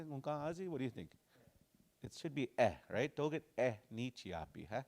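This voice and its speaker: Male language teacher, mid-pitched voice, relaxed and folksy, slowly drills phrases aloud. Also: vocal fry. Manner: casual, folksy explanations. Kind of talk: language class.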